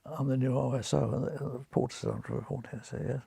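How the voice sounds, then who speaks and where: A very old British man with a deeply gravelly, husky voice, spinning yarns from his surgical career and slipping into the voices of the people in them. His tone is dark and mellow, recorded close in a dry room with no echo. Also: fast, few pauses. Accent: British English. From Britain. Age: 90s. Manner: lively raconteur, acts out quoted voices, chuckles. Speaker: retired surgeon, guest. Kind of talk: anecdotal storytelling in an interview.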